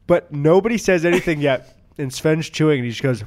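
A young man with a slightly high voice, co-hosting a podcast in casual conversation. He tells stories animatedly, laughs easily and curses freely. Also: fairly quick, darkish tone. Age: 20s. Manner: storytelling, laughs often, swearing. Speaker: podcast co-host. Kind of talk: casual chat.

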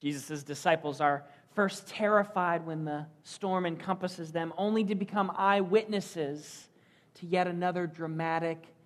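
A man's voice: on the high side, a little slow, fairly bright tone. A man preaching a sermon as pastor, earnest, telling the story and asking rhetorical questions.

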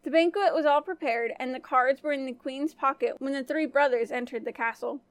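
A woman storyteller narrating a fairy tale for a family-friendly podcast in a gentle manner. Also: high voice, fairly quick, no room sound.

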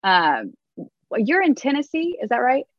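A woman's voice: high-pitched, wildly swooping pitch, normal speed, no room sound, lo-fi sound. A woman in her early thirties from Indiana, a bubbly podcast guest who laughs often while chatting. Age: 30s. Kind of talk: casual podcast interview.

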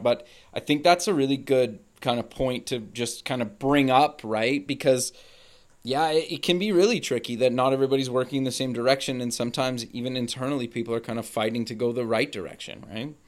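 A man's voice: mid-range voice, steady tone, fairly quick. A man hosting a podcast interview, chiming in with agreement and speaking in loose, filler-heavy phrasing. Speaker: podcast host.

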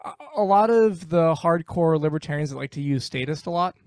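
A man's voice: fairly high pitch, expressive, brisk, a little mellow, smooth, no room sound, clean studio sound. A man speaking as a guest on a podcast, ranting bluntly and with animation in casual conversation.

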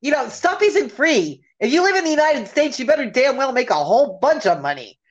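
A woman's voice: high-pitched, very animated, brisk. A woman co-hosting a podcast in casual chat, joking and telling stories. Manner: joking, storytelling. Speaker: podcast co-host.

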